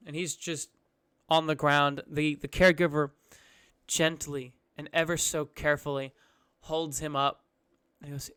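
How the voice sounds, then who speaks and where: A man running a tabletop game, narrating each scene for his players. His voice is bright and crisp and sits a little high. He backtracks and restarts mid-sentence now and then. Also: level tone, moderate pace. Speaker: game master.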